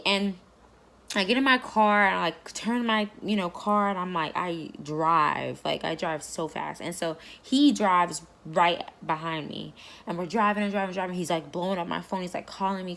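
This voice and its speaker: A woman vlogging casually to camera, her low voice carrying a gravelly, creaky edge. She rambles through her story, leaning on fillers and "like" as she goes. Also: fairly bright tone.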